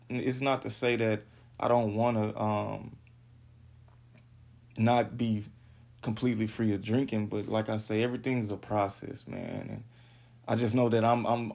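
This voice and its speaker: A man telling a personal story on his podcast, halting and repeating words. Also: on the low side, vocal fry, a little mellow. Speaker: podcast host.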